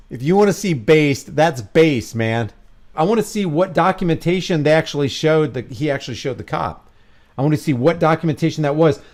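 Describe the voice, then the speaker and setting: A man giving reaction commentary on a video, excitable and full of restarts and asides. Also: fairly high pitch.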